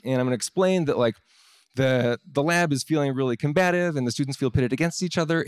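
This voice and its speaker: A scientist telling a personal story to an audience, wry and self-deprecating, with halting restarts. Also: male voice, mid-range voice, dry recording, studio quality.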